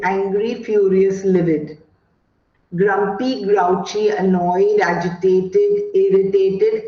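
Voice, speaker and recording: A woman lectures teachers in an expressive, drawn-out way. Her delivery is slow and deliberate. The call audio is roomy and a little muffled. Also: mid-range voice. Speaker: guest speaker on education.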